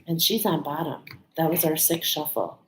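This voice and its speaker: A woman's voice: deep voice, normal speed, a little hiss or hum, low-quality recording. A woman giving a casual spiritual card reading, chatty, often checking in with "okay?" and "right?". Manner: emotional, laughing and near tears at times.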